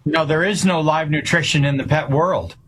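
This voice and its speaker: A man's voice: a little high, fairly even intonation, normal speed, fairly bright tone, slightly rough, poor audio. A man appearing as a radio show guest who founded a company, speaking confidently in a promotional tone.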